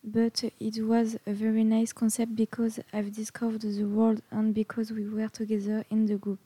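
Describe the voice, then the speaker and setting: Shy young woman, monotone. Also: a little high, moderate pace, slightly rough, no room sound, poor audio. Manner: shy, careful phrasing. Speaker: student. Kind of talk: reading a prepared statement.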